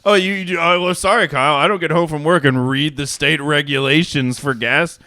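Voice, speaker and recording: A man's voice: a little high, normal speed, dry recording, studio quality. A young man telling a rambling story on a podcast, swearing freely and acting out what people said. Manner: profane, animated anecdote-telling with quoted voices. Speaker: podcast co-host. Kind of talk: casual storytelling chat.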